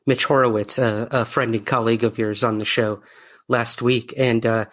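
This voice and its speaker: A friendly podcast host reads out listener questions during an interview, hesitating with lots of fillers and restarts. His medium-pitched voice has a fairly bright tone, little pitch movement, and a moderate pace.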